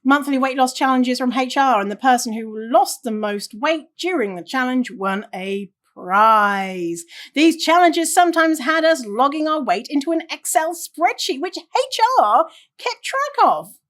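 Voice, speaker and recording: A woman's voice: sits high, lively intonation, measured pace, a bit bright. A woman hosting a solo podcast, talking casually and reading listener stories aloud. She swears freely and laughs often. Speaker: podcast host.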